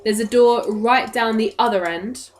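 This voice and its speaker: A woman running a tabletop game as dungeon master, setting scenes in an unhurried, descriptive way. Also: on the high side, slight background noise.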